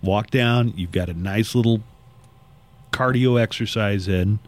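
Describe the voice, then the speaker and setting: A man's voice: lowish voice, a little slow. A middle-aged man hosting a morning radio show, chatting casually with his co-hosts and reading out the weather. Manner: reads the weather, jokes with co-hosts.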